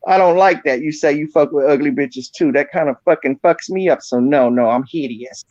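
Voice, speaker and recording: High-voiced man on a profane mocking roast. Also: brisk, dry recording, muffled recording. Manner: loud mocking rant, heavy cursing. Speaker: online show host roasting a rival.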